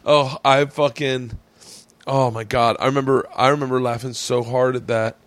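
A man's voice: mid-range voice, normal speed. A middle-aged man from Florida hosting a podcast, telling stories in casual chat and acting out the people in them. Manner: animated, swearing, acts out quoted voices. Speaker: podcast host.

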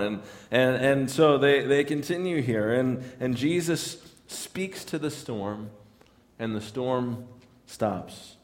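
A man's voice: medium pitch, animated, slow, big-room sound. A man preaching a sermon in a conversational way, often repeating words as he restarts his lines. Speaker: pastor.

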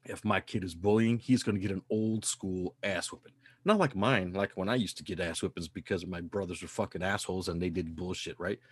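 A man's voice: low voice, brisk, breathy edge, no room sound. A man in his thirties hosting a casual podcast, ranting with heavy profanity and mounting fire. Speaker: podcast host.

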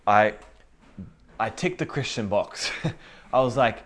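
A man's voice: fairly low pitch, lively intonation, takes it slowly, pauses often. A young man giving an informal, earnest sermon, chatty and full of fillers like "you know what I mean". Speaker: preacher.

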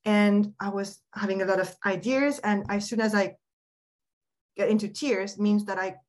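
A woman mindset and happiness coach, a guest on a podcast, talking in a casual, reflective way with frequent restarts and soft laughs. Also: mid-range voice, steady tone, moderate pace.

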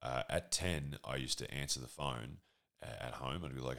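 An Australian man in his forties with a bottomless, rumbling bass voice spins a casual comedic anecdote. He rambles, swears freely and pokes fun at himself as he goes. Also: steady tone, fast, fairly bright tone. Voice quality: extremely deep voice. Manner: rambling, profane, self-deprecating storytelling.

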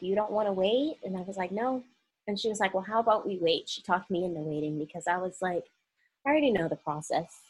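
A woman's voice: on the low side, breathy edge, low-quality recording. A young woman from Oklahoma telling a personal story in a casual vlog, acting out the voices of the people she quotes.

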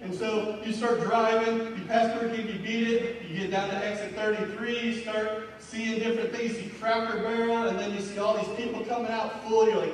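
A high-voiced man preaches in a loose, conversational way, often tagging "right?" onto his lines. He sounds distant from the mic, with heavy hall reverb and a faint hiss behind him. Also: fairly even intonation, a little fast, hardly any pauses, a crowd in the background. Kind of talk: sermon. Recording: echoey hall from far off with faint noise.

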